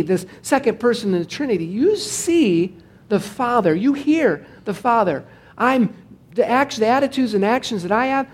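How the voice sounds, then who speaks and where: A man, a pastor, preaching a sermon in a casual, digressive way, joking with the congregation and slowing down to stress scripture. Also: high-pitched, slightly rough. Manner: conversational and digressive, with jokes to the congregation.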